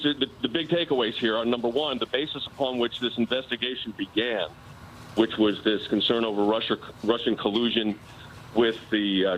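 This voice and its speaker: A man's voice: on the low side, a little hiss or hum, low-quality recording. A man, a personal attorney, arguing his case insistently in a live TV news interview. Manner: insistent, argumentative legal explanation.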